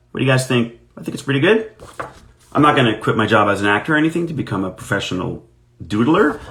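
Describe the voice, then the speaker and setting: A man's voice: medium pitch, fairly bright tone. A man, an actor, chatting casually on a live stream while signing autographs, telling anecdotes in a self-deprecating way.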